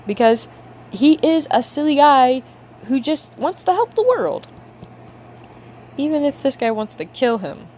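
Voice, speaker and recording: A woman's voice: high-pitched, unhurried, pauses often, a little hiss or hum. Playful young woman livestreaming her drawing. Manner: playful, excitable, dramatic frustration, slangy. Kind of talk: casual livestream chat.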